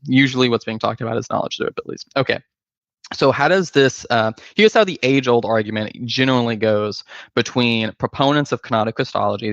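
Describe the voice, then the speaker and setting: Fast-talking man presenting casually. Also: mid-range voice, a bit bright, no room sound, highs cut off. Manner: fast, filler-heavy, restarts often. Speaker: guest presenter, author.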